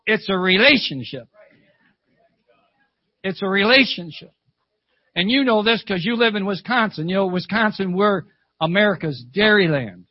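An older male preacher delivers a sermon at a church service, spinning stories and repeating lines for emphasis. His voice sits high for a man. The recording is dull and close, with little room sound. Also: moderate pace, no room sound. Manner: fervent storytelling preacher, repeats phrases, calls "Amen".

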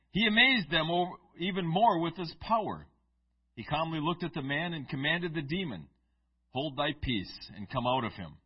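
A male pastor with a somewhat high, husky voice reads scripture and preaches in a conversational storytelling manner. The sound is dull and lo-fi. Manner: reads scripture in King James style, then preaches conversationally with asides. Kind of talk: sermon with scripture reading.

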